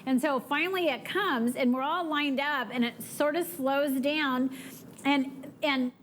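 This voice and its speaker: A woman's voice: high voice, unhurried, a bit bright, slight background noise. A woman co-hosting a premarital counseling session, telling a story vividly. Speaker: marriage counselor and co-host. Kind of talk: storytelling conversation.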